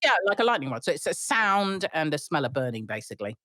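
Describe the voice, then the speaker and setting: A middle-aged woman airline pilot telling stories in an interview, animated, with frequent restarts and laughs. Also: low-pitched, quick pace, dry recording, clean studio sound. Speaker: airline pilot, podcast guest. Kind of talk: storytelling interview.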